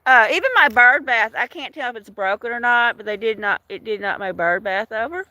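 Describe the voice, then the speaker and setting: A woman's voice: on the high side, a little fast, bright, forceful tone, no room sound. A woman chatting casually on a live stream, walking outdoors through her yard and greeting viewers by name, laughing often. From Washington state. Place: outdoors in a storm-damaged yard.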